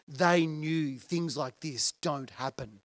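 A man's voice: a little high, takes it slowly, no room sound. A male pastor preaching a sermon in an earnest, conversational way and putting questions to his listeners.

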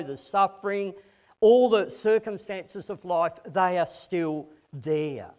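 A man preaching a conversational sermon to a congregation, often repeating words as he starts a phrase. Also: high-pitched.

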